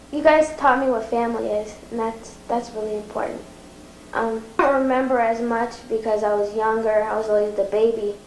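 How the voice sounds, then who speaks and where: A teenage girl speaks to her grandparents in a loose, giggly ramble. Her voice sits fairly high, and the room around her rings with echo and a faint hiss. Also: a little mellow. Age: teens. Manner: rambling, giggly, tearful toward the end. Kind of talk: personal video message. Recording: echoey room with faint noise.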